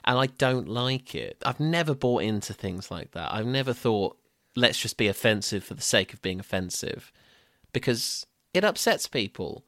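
Bright-voiced man reviewing a film. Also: medium pitch, big pitch swings, normal speed, no room sound, clean studio sound. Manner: laughing, rambling, self-correcting. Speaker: podcast co-host. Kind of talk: casual film review chat.

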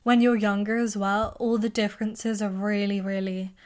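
A British woman in her twenties, a podcast co-host chatting casually, full of "like" and quick laughs. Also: mid-range voice, level tone, darkish tone, smooth. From Britain. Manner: chatty, laughs often, many likes. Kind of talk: casual chat.

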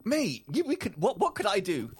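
A man co-hosting a podcast in casual chat, excitable and animated, often stumbling over his words. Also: high voice, normal speed, slight background noise. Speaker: podcast co-host.

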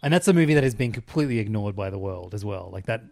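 A man co-hosting a podcast in casual chat, chiming in with dry, sweary remarks and quick questions. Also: on the low side, lively intonation, vocal fry, darkish tone. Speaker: podcast co-host.

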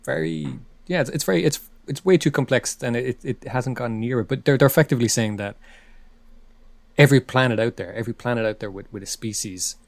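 A man's voice: mid-range voice, lively intonation, brisk, no room sound. A man co-hosting a casual film podcast, talking animatedly and repeating words as he builds his point. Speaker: podcast co-host.

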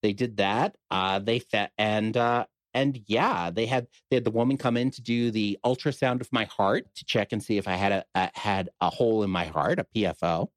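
A man's voice: lowish voice, moderate pace, hardly any pauses, no echo. Middle-aged New York man, dry sound. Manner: storytelling with frequent restarts and wry humor. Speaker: podcast guest. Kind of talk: casual conversation.

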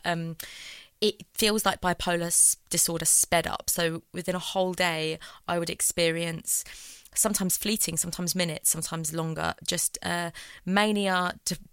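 Gravelly-voiced woman, earnest and rambling. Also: fairly low pitch, fairly bright tone, no room sound, clean studio sound. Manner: rambling, earnest, with frequent fillers and restarts. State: close to tears at times. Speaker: guest. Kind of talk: candid personal storytelling.

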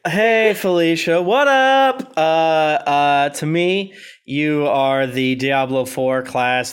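A man co-hosting a podcast in casual chat, relaxed and rambling, swearing casually. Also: fairly high pitch, slow, clear, resonant tone. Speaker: podcast co-host.

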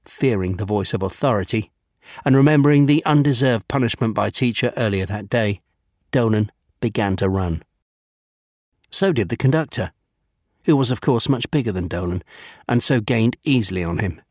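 A man narrating a children's storybook, savouring lists with gentle humour. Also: on the low side, normal speed, no echo, studio quality.

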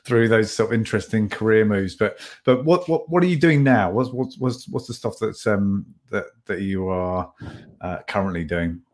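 A man's voice: on the low side, expressive. A man co-hosting an interview who stumbles and repeats words as he forms his questions. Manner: halting, repeats words while forming questions. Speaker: co-host. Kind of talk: casual podcast interview.

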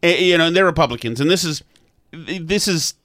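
A man's voice: fairly high pitch, animated, brisk, a bit bright, no echo, studio quality. A man hosting a political talk show, giving blunt, sarcastic commentary with frequent stammered restarts.

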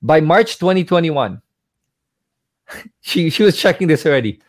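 A man's voice: on the high side, big pitch swings, measured pace, dry recording, studio quality. A man as a guest in a casual chat, speaking with confidence and emphasis and acting out conversations as he tells a story. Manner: confident, emphatic, acts out dialogue. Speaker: guest, crypto investor.

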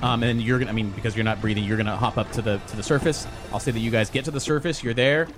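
A man running a tabletop role-playing game as game master, narrating scenes in an animated way and laughing often. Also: medium pitch, very fast, soft background music.

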